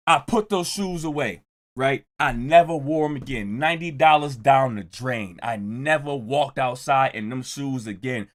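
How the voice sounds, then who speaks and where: A young man streaming, telling a story to his chat in casual, slangy talk with animated, loud bursts. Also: on the high side, moderate pace.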